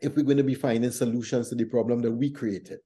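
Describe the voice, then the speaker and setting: A man leads a reflective faith conversation. His voice is very dark and mellow, at a middling pitch. He teaches through stories in a measured, thoughtful manner. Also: fairly even intonation. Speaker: church leader hosting a faith talk show.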